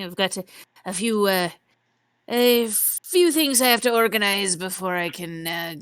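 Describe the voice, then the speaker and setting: A woman voicing a rambling male scholar drinking at a bar, in a put-on Irish accent, hesitant and full of pauses. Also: medium pitch, fairly bright tone, no echo. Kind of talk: voicing a character in a tabletop game.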